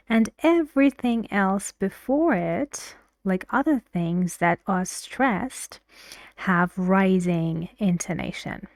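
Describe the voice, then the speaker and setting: Woman teacher, slow, measured, dry close sound, breathy asides. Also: medium pitch, no room sound. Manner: slow, deliberate explanations with frequent soft, half-whispered phrases. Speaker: English teacher. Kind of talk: explaining pronunciation in a language lesson.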